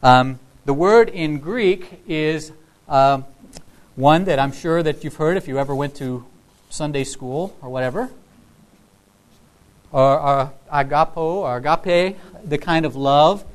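A man's voice: a little high, takes it slowly, low-quality recording. Man preaching a conversational sermon. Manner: conversational, acts out quoted dialogue. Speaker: pastor.

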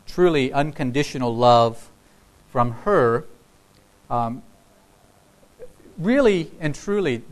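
A man giving a sermon to his congregation in a relaxed, conversational way, breaking into the voices of the people in his text. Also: medium pitch, rough recording. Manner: conversational, acts out quoted dialogue. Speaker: pastor.

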